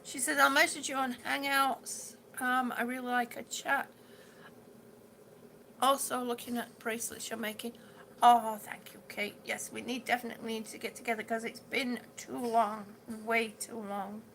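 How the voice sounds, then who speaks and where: A middle-aged woman with a high, gravelly yet bright voice hosts a casual live chat, reading viewer comments at normal speed with a flat delivery over a faint hiss. She rambles, repeats herself and trips over words, laughing it off, and she has ringing in her ears, yawns and is hungry.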